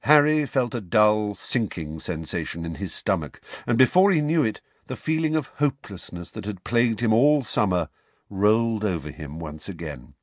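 A man reading a novel aloud as an audiobook narrator, in expressive storytelling narration. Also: normal speed, dry recording. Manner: expressive storytelling, rising pitch on anxious questions. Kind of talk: scripted narration.

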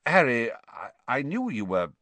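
A man's voice: medium pitch, huge pitch swings, no echo, pitched above the performer's own voice, heavily acted. Mr Weasley, a tense, worried father, read by a man. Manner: quiet, tense and hurried. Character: anxious, serious middle-aged father.

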